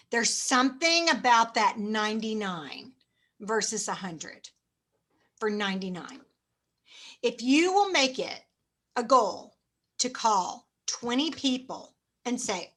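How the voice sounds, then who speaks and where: A middle-aged woman giving a chatty, self-mocking motivational sales training talk, acting out phone pitches. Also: lively intonation, measured pace, a bit bright.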